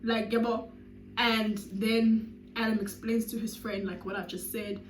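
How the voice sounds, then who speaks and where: A South African woman in her twenties telling a storytime vlog with animated, dramatic delivery and sudden loud bursts. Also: a little high, a little slow, slight background noise. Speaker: YouTuber. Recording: roomy echo.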